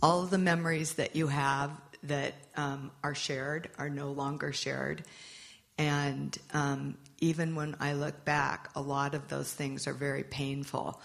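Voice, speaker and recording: Brief: middle-aged woman, low gravelly voice, unhurried, candid personal testimony. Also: level tone. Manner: candid and rueful. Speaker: speaker sharing her faith testimony.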